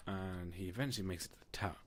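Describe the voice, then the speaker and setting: A man's voice: low-pitched, racing, slight background noise. A man narrating a tabletop game as game master in a casual, rambling way, often stopping to ask himself questions. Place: room, alone.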